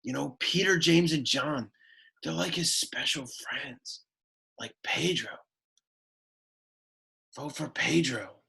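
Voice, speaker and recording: A man doing a whiny, gravelly, exasperated teen. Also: fairly high pitch, unhurried, exaggerated voice. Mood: exasperated deadpan. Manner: deadpan, whiny, easily annoyed. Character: sullen awkward teenage boy, exasperated and bored. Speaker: Latin teacher. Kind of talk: Latin lesson in character.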